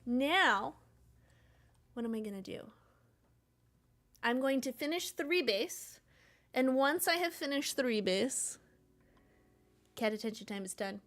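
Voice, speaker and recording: A woman streaming her coding work, chatting casually, reading chat aloud and talking to her cats. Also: on the high side. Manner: animated, bursts of excitement.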